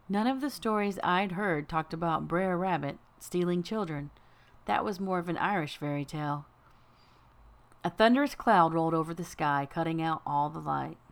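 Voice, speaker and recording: A woman reading a first-person fantasy audiobook with a dry, wry delivery. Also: deep voice. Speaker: audiobook narrator.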